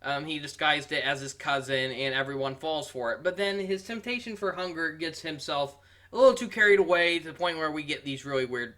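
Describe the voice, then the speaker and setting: A young man giving a casual, rambling review, amused and full of pauses. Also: on the high side, sharp tone. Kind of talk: casual commentary.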